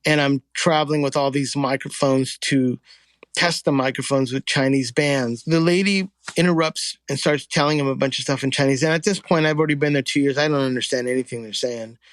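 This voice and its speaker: A man from the United States tells his stories in a relaxed, animated way. His voice sits at a middle pitch and is recorded dry and close, with no room sound. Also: brisk, dry recording. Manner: animated, acts out voices and sings in quotes. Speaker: storyteller guest. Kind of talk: casual storytelling.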